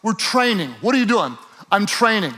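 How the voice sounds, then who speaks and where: A man preaching a sermon to a live audience. He is energetic and playful, acts out quoted voices, and builds up to shouts. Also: high voice, moderate pace. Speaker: pastor.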